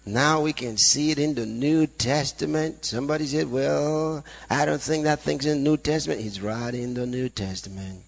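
A man preaching a sermon, reading scripture aloud and swinging between loud calls and hushed asides. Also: a little high, gravelly. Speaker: pastor. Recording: long hall reverb.

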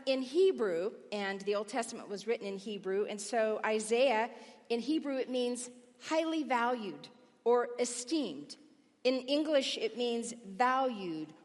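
Woman teaching a sermon in a hall. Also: fairly high pitch. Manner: measured, explanatory teaching. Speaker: pastor. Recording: long reverb of a large hall.

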